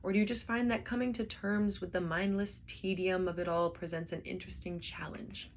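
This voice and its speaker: A woman voicing a quick-talking, wheedling male alien traveller with a brisk, persuasive manner in a storybook reading. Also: lowish voice, steady tone, a little hiss or hum, natural voice.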